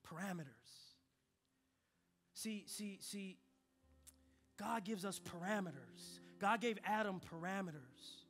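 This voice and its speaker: With faint music behind him, a young adult pastor speaks at normal speed and pauses often, his voice notably high and bright. His animated storytelling sinks into soft, reflective passages and then climbs back to loud energy.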